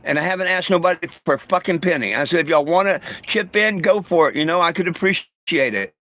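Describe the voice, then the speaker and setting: A man's voice: on the high side, brisk, a bit bright, no room sound. A man talking bluntly and profanely to his livestream viewers, stumbling over his words and restarting often. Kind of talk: casual livestream rant.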